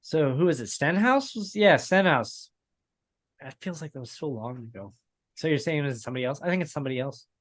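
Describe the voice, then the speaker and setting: A man's voice: fairly high pitch, expressive, a little fast, a bit bright. A man co-hosting a casual racing podcast, telling long rambling stories with frequent chuckles. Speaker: podcast co-host. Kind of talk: casual chat.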